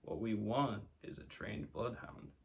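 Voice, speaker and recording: A man voicing a gloomy, self-pitying old grey donkey in a storybook reading, with a slow, melancholy delivery. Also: fairly low pitch, animated, gravelly, dull audio, slight background noise.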